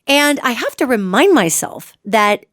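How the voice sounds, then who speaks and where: A woman's voice: a little high, big pitch swings, unhurried, a bit bright, no echo, clean studio sound. A middle-aged woman hosting a solo podcast, talking earnestly and chattily to her listeners. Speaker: psychic podcast host.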